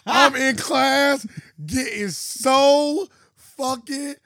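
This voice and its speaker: A man's voice: extremely high pitch, very slow, bright, forceful tone, no room sound, clean studio sound. A young man co-hosting a casual podcast, joking around in laid-back banter with frequent swearing. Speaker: podcast co-host. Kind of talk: casual chat.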